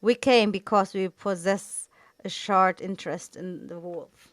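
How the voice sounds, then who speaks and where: A woman's voice: mid-range voice, steady tone, measured pace, no room sound, close to an everyday voice. A woman doing a cold ageless executor. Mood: flat. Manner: neutral, weighty.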